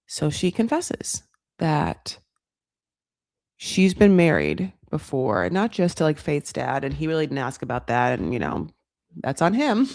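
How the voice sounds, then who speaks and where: Woman recap host, low and swooping voice, gossipy, sarcastic, acts out quotes with laughs. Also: very animated, unhurried, a little mellow, no echo, clean studio sound. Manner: chatty and gossipy, sarcastic, calls the viewer honey. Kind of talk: comedic reality TV recap.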